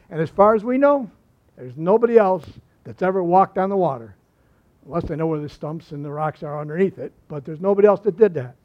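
A male pastor preaching a sermon, telling stories in a folksy way with repeated phrases and asides. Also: high voice. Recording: slightly muffled recording.

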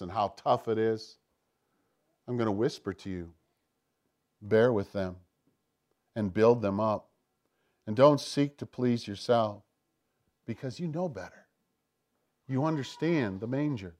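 A man preaching a sermon, swinging from hushed, intimate passages to loud, impassioned ones. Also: medium pitch. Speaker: pastor.

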